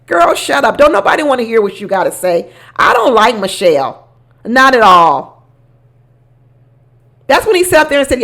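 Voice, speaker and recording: A woman's voice: on the high side, brisk. A woman giving sassy, casual commentary on a reality show, talking back to the people on it. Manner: sassy, animated, talks back to people on screen.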